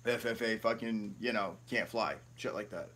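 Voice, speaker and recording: Speaking at normal speed in a lowish, fairly bright voice, a young man vlogs for YouTube, casually telling rambling stories full of profanity straight to camera. The setting is his home, with no ring light, and only the built-in camera mic picks him up.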